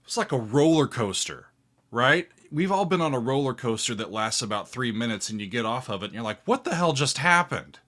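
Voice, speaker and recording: Man, composer host, casual reaction talk, halting fillers, counts beats aloud. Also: mid-range voice, fairly bright tone. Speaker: classical composer reacting to music.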